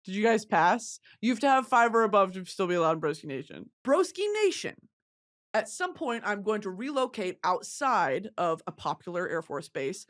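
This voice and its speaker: A young adult woman hosting a comedy podcast, talking in a goofy, animated way and slipping into shrill character bits. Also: moderate pace. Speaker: podcast host.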